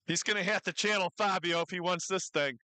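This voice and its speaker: Weightlifting commentator, live meet calls, bright tone, excitable cheering, jokey asides, dry close sound. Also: medium pitch, a little fast, no echo, poor audio. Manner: excitable, cheers lifters on with rising shouts; jokey asides between attempts.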